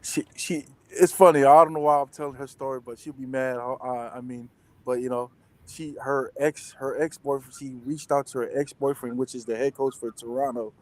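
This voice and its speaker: A man's voice: mid-range voice, steady tone, normal speed, a little mellow, no echo, low-quality recording. Young guy rambling thru a story, lots of restarts, dry close sound. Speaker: guest, professional football player. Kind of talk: casual interview chat.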